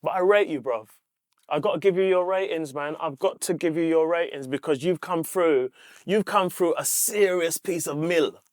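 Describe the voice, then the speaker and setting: A man's voice: on the high side, moderate pace, a little mellow, dry recording, clean studio sound. A man with a London accent hosting a podcast, talking earnestly in casual street slang and repeating his phrases. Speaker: podcast host. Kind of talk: casual chat.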